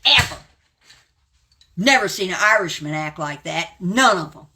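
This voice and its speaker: A woman's voice: lowish voice, lively intonation, normal speed, bright, forceful tone. A woman in her seventies hosting a live stream, ranting bluntly and calling people out by name. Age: 70s.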